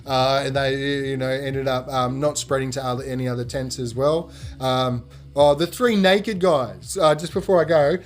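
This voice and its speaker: A man, a podcast guest telling stories in a loose, rambling way full of fillers, getting animated when he quotes people. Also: fairly high pitch. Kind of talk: casual storytelling.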